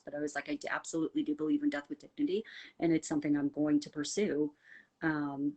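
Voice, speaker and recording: A woman's voice: low voice, steady tone, fast, slightly rough. A middle-aged woman from the United States hosting a casual livestream, talking in a heartfelt, rambling way with lots of fillers and answering viewers' comments. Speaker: livestream host.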